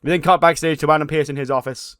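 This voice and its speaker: A man's voice: fairly high pitch, fairly even intonation, fast, fairly bright tone, dry recording, clean studio sound. A man casually narrating a game playthrough, swearing as he recaps events. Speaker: game channel host.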